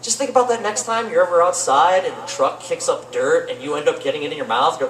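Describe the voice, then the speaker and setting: A young man doing rambling open-mic stand-up comedy in a cafe, with deadpan asides. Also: a little high, fast talker, hardly any pauses. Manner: rambling, deadpan asides, lively swings into mock voices. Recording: roomy cafe with faint noise, distant mic.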